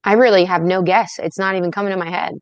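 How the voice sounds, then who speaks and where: Relaxed woman co-host, dry close sound. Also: lowish voice, fast talker, no room sound, lo-fi sound. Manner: relaxed, agreeable, laughs easily. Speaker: podcast co-host. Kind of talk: casual sports chat.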